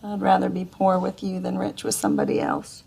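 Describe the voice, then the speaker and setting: An actress playing a practical young wife with a teasing, dry humor. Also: female voice, fairly low pitch, huge pitch swings, a little fast, vocal fry, dark tone, full character voice. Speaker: sitcom wife and mother. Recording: sitcom audio with background noise.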